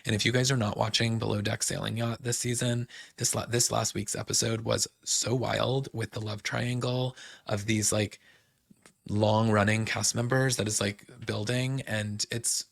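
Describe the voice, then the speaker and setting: Chatty gravelly-voiced man. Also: lowish voice, little pitch movement, moderate pace, no echo. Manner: chatty, fillers like "like" and "um", quotes people. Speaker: podcast host. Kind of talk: casual recap chat.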